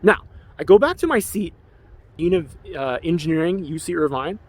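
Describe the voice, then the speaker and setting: A man's voice: fairly high pitch, animated, moderate pace. A man in his forties, an activist, delivering an emotional, rambling personal documentary monologue with an aggrieved tone. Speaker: activist and filmmaker.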